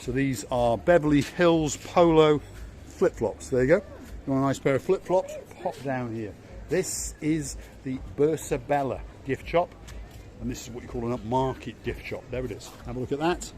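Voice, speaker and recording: A man's voice: mid-range voice, dark tone. A man with a Yorkshire accent hosting a walking tour vlog along a seaside promenade, chatty and fond of repeating words for emphasis. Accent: Yorkshire English. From England. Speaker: vlog host. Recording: outdoor street noise.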